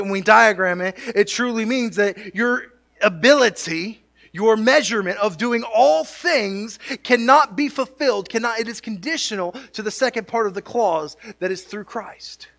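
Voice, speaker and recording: A man preaches from the pulpit in a high-pitched, bright, ringing voice. He mixes self-mocking jokes with passages that climb to emphatic peaks. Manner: jokey asides, builds to emphatic peaks. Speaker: pastor. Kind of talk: sermon. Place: church sanctuary.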